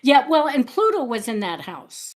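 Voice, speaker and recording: Animated, fairly high-voiced woman host. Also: normal speed. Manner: animated storyteller, laughs often. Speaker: astrologer and show host. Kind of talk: livestream talk show chat.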